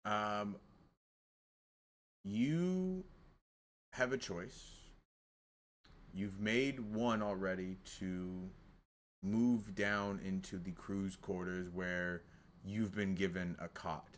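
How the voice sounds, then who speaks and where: A man narrating as game master of a tabletop role-playing game, slow and descriptive, with casual asides. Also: deep voice.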